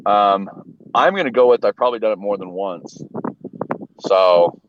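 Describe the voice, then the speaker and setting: A man's voice: on the low side, moderate pace, dull audio, a little hiss or hum. A man co-hosting a podcast over a video call, chatting casually and laughing often, calling his friend bro. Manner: laid-back, laughs often, says bro a lot. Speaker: podcast co-host. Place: inside a car.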